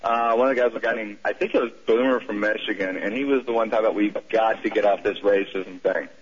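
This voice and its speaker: A man's voice: on the low side, steady tone, quick pace, crowd noise. A man from the southern United States with a Southern accent, calling in to a radio show and rambling with many restarts. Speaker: caller. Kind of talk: call-in radio conversation. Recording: muffled radio broadcast audio.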